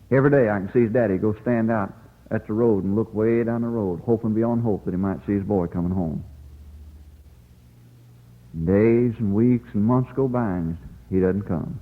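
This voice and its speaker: A man's voice: lowish voice, moderate pace, long reverb tail, narrow, tinny audio. A man preaching a revival sermon in a folksy, pleading way, telling the story dramatically as an evangelist.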